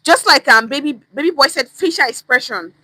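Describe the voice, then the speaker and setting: A Nigerian woman with a Nigerian accent, teaching Pidgin in an animated casual monologue, repeating phrases for emphasis and talking straight to viewers. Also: high voice, a little fast, no room sound, rough recording. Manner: addresses viewers directly, mixes in Pidgin. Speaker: pidgin language coach.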